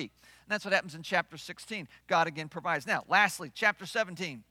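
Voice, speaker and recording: A male pastor preaching a sermon, swinging from loud declarations to hushed asides and playing out the voices he quotes. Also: sits high, brisk, no room sound.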